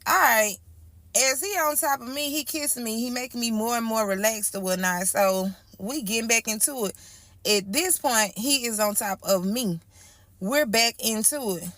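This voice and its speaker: A woman's voice: a little high, moderate pace, a bit bright, dry recording. A young woman telling an emotional storytime about a traumatic night, acting out the voices of the people involved. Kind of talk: storytime vlog.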